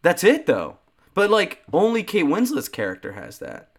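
Lebhafter Mann, witzelnder Co-Moderator. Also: male voice, sits high, huge pitch swings, normal speed, a loud crowd. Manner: joking reactions, frequent laughter. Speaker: podcast co-host. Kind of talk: casual movie chat.

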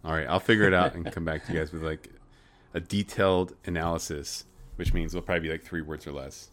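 A man's voice: very deep voice, fairly even intonation, fast talker, a bit bright. A man co-hosting a podcast, talking hesitantly with many restarts. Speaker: podcast co-host. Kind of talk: casual tech chat.

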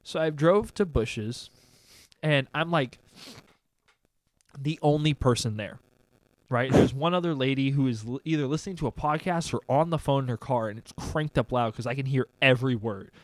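A man's voice: mid-range voice, normal speed, dry recording. Young guy telling a story on a podcast, acts out the voices, dry recording. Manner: animated, acts out both sides of conversations. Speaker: podcast co-host. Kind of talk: casual storytelling chat.

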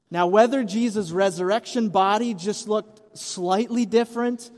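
A man's voice: sits high, a little mellow. A man preaching an Easter sermon as pastor, retelling the story conversationally with light humor. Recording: long hall reverb.

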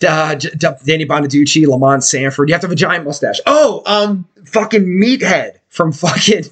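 A man's voice: a little high, expressive, normal speed, fairly bright tone. A man hosting a podcast, telling rambling, profane stories full of restarts in casual chat. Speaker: podcast host.

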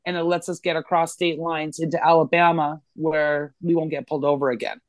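A woman's voice: low voice, a little fast, dry recording. A Canadian woman, a podcast co-host, telling a story casually, swearing freely and acting out the voices of the people in it. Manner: profane, animated, acts out voices in the story.

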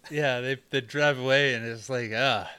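A man casually recapping a horror film with a co-host, profane and animated, slipping into silly voices for the characters. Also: mid-range voice, normal speed. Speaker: podcast co-host. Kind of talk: casual movie recap chat.

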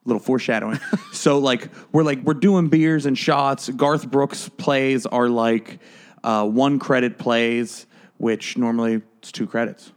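Podcast co-host, male, mid-pitched voice, easygoing and rambling. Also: steady tone, measured pace, smooth. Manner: chatty, rambling with fillers. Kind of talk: casual chat.

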